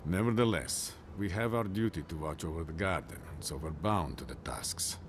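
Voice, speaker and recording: A man's voice: sits low, normal speed, over music, natural voice. An actor playing a weary male warden captain bound by his oath, speaking solemnly and measuredly, trailing into near-whispers.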